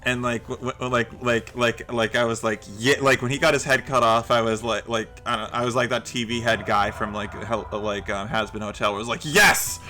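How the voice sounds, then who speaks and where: Bright-voiced rambling male podcaster. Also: medium pitch, little pitch movement, fairly quick, hardly any pauses, soft background music. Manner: rambling, many fillers and restarts. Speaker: podcast co-host. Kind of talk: casual chat.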